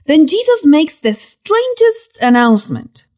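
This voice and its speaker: A woman narrates a devotional Bible teaching in a fairly high voice. Her delivery is dramatic and animated, with a wide pitch range. She leans on rhetorical questions to draw the listener in. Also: moderate pace.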